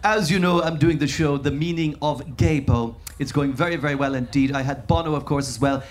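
A man doing a comic impression of an older chat-show host with a slow, crooning, folksy delivery. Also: a little high, voice pushed down, lightly acted. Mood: genial. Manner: slow, crooning, says "my friends". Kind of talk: stand-up impression.

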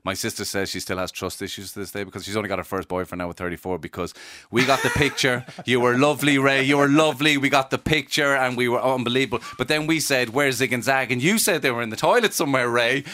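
A man's voice: medium pitch, fast, few pauses, pushed and bright, no room sound. A Irish man in his thirties from Cork, a comedian chatting in an interview, laughing often as he tells jokey stories. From Ireland. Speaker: comedian guest. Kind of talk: casual chat.

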